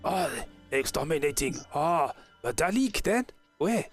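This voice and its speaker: Casting note: man playing a stuttering elf lady, flustered, higher-set voice, soft music behind. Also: lively intonation, a little slow. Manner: stammering, flustered, many fillers. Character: stammering archaic elf woman with odd accent.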